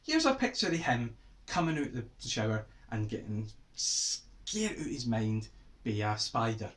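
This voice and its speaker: A man with a Scottish accent giving a playful lesson to children, with animated, exaggerated exclamations. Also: medium pitch, measured pace. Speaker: writer teaching children.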